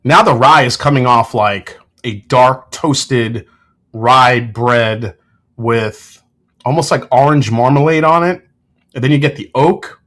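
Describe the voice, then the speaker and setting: A man hosting a casual livestream, talking in a relaxed, rambling way and reading viewer comments aloud, with plenty of fillers and restarts. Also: mid-range voice. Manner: frequent fillers and self-corrections. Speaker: whiskey reviewer and channel host.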